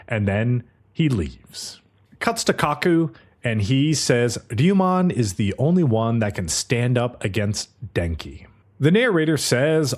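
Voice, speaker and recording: Lively man casually recapping. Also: mid-range voice, unhurried. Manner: breezy, profane storytelling. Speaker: podcast host.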